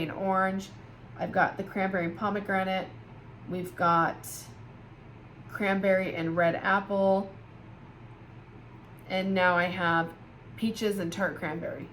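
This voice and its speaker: There's a little hiss or hum behind this woman's medium-pitched voice. She's worn out and yawning, yet she raves warmly about scented candles while chatting casually in a product review vlog.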